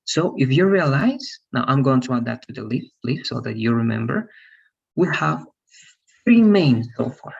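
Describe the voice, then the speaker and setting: A man's voice: mid-range voice, expressive, moderate pace, vocal fry, husky, muffled recording. A man teaching an online English grammar lesson, patiently repeating examples and checking with "all right?".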